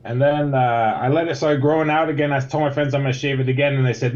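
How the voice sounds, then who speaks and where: A man joins a talk show over a muffled, lo-fi line. He speaks at a middle pitch and tells a story in a wry, plain-spoken way. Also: flat delivery, fast, few pauses, a little mellow. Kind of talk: casual chat.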